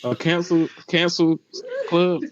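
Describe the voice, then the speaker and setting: A man's voice: a little high, fairly even intonation, slow, lo-fi sound, noisy background. A man co-hosting a casual podcast chat, mostly chiming in with short remarks. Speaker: podcast co-host.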